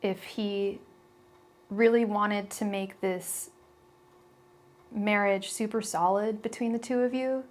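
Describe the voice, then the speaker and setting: A woman's voice: mid-range voice, fairly even intonation, slow pace, pauses often. Young female tarot reader, casual and blunt, chatty live-stream talk with stumbles. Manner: chatty, blunt, many restarts and fillers.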